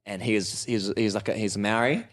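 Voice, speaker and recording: A man's voice: lowish voice, fast talker. A young man with a New Zealand accent, hosting a casual podcast chat and acting out the voices in his stories. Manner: animated storyteller, acts out quoted voices. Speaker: podcast host. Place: Melbourne.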